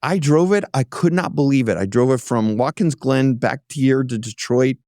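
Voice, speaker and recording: A man, an auto executive, is a guest on an interview show, telling lively stories and acting out other people's voices. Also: medium pitch, moderate pace, no room sound, studio quality. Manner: lively anecdote-teller who acts out other voices. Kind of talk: casual interview storytelling.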